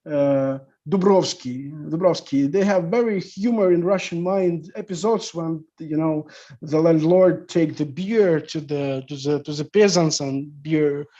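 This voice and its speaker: A slightly high-voiced man speaking as a discussion guest, searching for words in halting non-native English and leaning on "you know". The sound is muffled and lo-fi. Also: dark tone. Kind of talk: panel discussion. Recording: muffled lo-fi audio.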